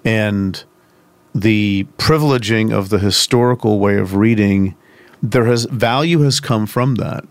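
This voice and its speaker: A man's voice: on the low side, measured pace, no room sound. A man co-hosting a podcast, talking through biblical theology in a thoughtful, rambling way with restarts and asides. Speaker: podcast co-host. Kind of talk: conversational theology discussion.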